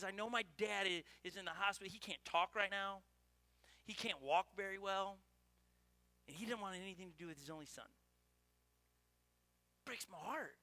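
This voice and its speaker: A man's voice: high voice, vocal fry, sharp tone, no room sound. A middle-aged man preaching a sermon, telling personal stories in an earnest way, with frequent restarts. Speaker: pastor.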